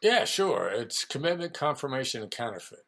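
Guy explaining negotiation stuff, really animated, does the voices of people he quotes, mid pitch. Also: normal speed, creaky. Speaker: guest negotiation expert. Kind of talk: conversational interview explanation.

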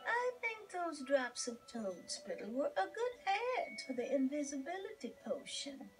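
A bossy, sarcastic potion-shop keeper in a game, her high voice lively and scolding. The voice sits a little back from the microphone, with a faint hiss behind it. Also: measured pace, distant mic, music in the background. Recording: game audio, voice set back.

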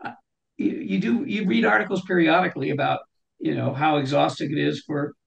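Woman guest, gravelly edge to the voice, reflective and explanatory in conversation. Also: sits low, fairly quick, poor audio. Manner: reflective, explains ideas through everyday examples. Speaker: guest on a leadership talk show. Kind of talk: conversational interview.

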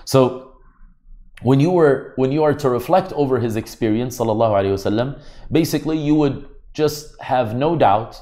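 A man's voice: medium pitch, warm tone. A man giving a religious lecture, explaining Arabic terms in an earnest teaching manner.

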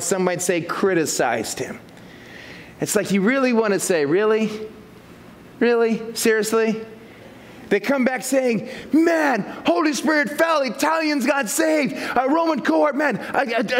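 Animated high-voiced male pastor. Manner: animated, jokey, acts out quotes. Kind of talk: verse-by-verse sermon.

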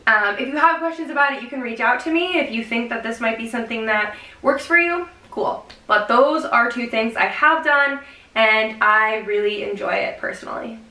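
A young woman talks to her camera in a loose, chatty vlog, tossing in "like" every few words. Her voice sits a bit high and sounds bright and forward. The room around her rings with a noticeable echo. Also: normal speed. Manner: chatty and expressive, many "like" fillers. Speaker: vlogger.

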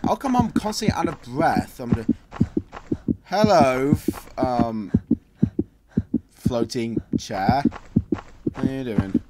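A man's voice: mid-range voice, animated, slow, pauses often, very noisy. A man commenting on a horror game as he plays, grumbling sarcastically and breaking into sudden screams. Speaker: gameplay commentator.

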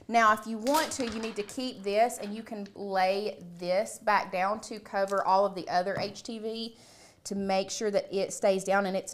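A young adult woman hosting a live craft tutorial, chatting casually as she works through each step with her hands. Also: mid-range voice. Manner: chatty, talks while working with hands.

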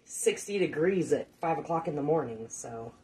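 A woman's voice: deep voice, animated, normal speed, mellow, a little hiss or hum. A middle-aged woman hosting a casual cooking livestream, chatting with viewers, swearing casually and laughing often. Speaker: cooking show host.

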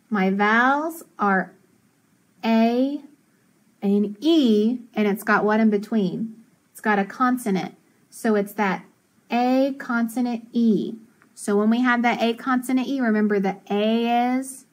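Woman teacher sounding out phonics slowly. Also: medium pitch, low-quality recording. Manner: slow, clear sounding-out of syllables with encouraging praise. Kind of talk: phonics lesson for children.

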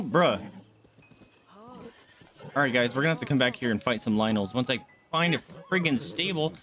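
A young man streaming a game, chatting casually with viewers, excitable, swearing, jumping from hushed asides to loud outbursts. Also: mid-range voice, a little fast, pauses often. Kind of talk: casual gameplay commentary.

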